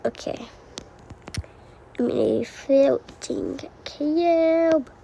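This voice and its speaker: A woman giving excitable gameplay commentary as a YouTuber, often exclaiming. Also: high-pitched, extremely slow, vocal fry, lo-fi sound, slight background noise. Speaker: gaming YouTuber.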